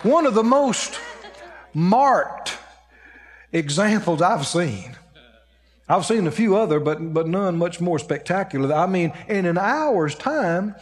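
Male preacher, high lively voice, storytelling sermon, long church reverb.

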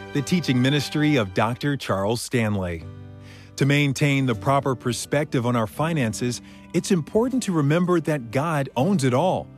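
A man reading a broadcast outro in a smooth, measured way at a mid-range pitch. Soft guitar music plays quietly behind him. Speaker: announcer.

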